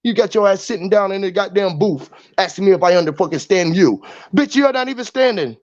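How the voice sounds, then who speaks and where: In a dull, dry lo-fi recording without room sound, a podcast host's high, expressive, slightly mellow voice moves briskly. He rambles through profane wordplay, spelling words out letter by letter.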